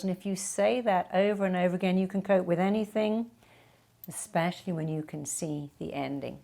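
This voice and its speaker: A woman's voice: on the low side, normal speed, creaky, a little mellow. A middle-aged woman, a self-help speaker, answering viewer questions with emphatic advice and acting out quoted speech.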